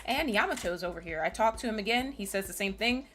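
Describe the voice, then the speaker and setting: This is a woman streamer telling the story of a game in a loose, chatty, giggly way. Her voice is bright and forward. Faint game music plays underneath. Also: mid-range voice, expressive, fairly quick, few pauses. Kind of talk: casual let's-play recap.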